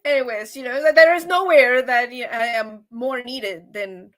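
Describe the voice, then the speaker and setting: A woman hosting a casual live stream, chatting to viewers in a rambling, upbeat way, often repeating words and laughing. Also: on the high side.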